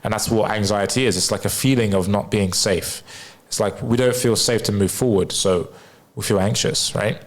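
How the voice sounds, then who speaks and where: A man speaking casually to camera as a health coach, recounting his own experience in a loose, unpolished way. His voice sits a bit low, and his talk runs on with plenty of fillers and blunt swearing. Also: normal speed. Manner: candid, rambling, with frequent swearing and fillers. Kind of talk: casual personal storytelling to camera.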